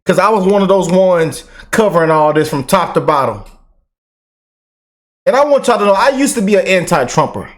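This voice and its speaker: Man, high voice, animated reaction commentary, rapid bursts. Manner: excited, animated, talks fast in bursts, drawls slow commands. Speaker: commentary channel host.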